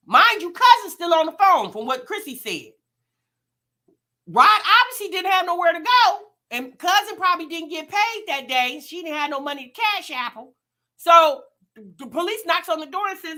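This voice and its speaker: On her reaction channel, a woman chats with viewers face to face and peppers them with rhetorical questions. She has a very high, expressive voice that is bright and forceful, moving at a moderate speed.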